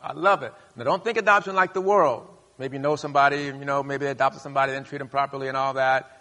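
A male pastor preaching a sermon, leading the congregation in call-and-response and rising to loud, high bursts. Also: fairly even intonation, fast. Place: church sanctuary. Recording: long hall reverb.

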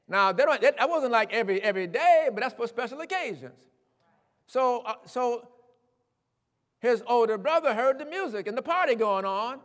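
A male preacher with a high voice talks straight to his listeners in a folksy, conversational sermon. His voice carries a long reverb, and he sinks low for quiet asides. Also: expressive, moderate pace. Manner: conversational, direct address to listeners. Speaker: pastor.

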